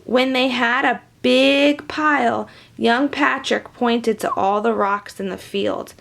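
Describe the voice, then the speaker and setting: High gravelly woman reading to kids. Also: takes it slowly. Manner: animated, chatty asides to children. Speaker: storybook reader. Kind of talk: reading a children's picture book aloud.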